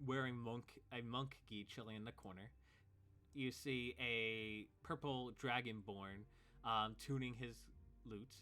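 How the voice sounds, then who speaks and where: Male game master for a tabletop game, crisp bright tone, steady middle pitch. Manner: voices tavern figures in a raised pitch.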